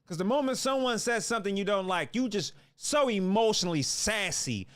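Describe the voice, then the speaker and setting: A man's voice: high-pitched, lively intonation, fairly quick, a bit bright, clear, resonant tone. A man giving a heated political monologue, fiery and repeating himself as he restarts lines. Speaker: political commentator.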